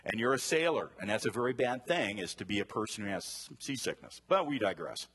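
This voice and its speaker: Man, Bible study teacher, low voice, husky, chatty, asks the class questions. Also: expressive, a little fast, a bit bright. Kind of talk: conversational Bible lesson to a group.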